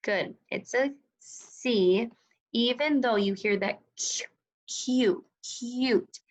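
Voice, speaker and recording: Patient, slow-spoken woman teaching phonics. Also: on the high side, low-quality recording. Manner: patient, slow, sounding out words. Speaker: second grade teacher. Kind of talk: phonics lesson for children.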